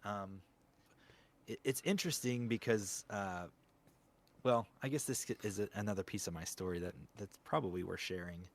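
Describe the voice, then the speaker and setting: A man's voice: fairly low pitch, normal speed. A man, a voice actor, talking reflectively in a casual interview, rambling with lots of fillers. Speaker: guest voice actor.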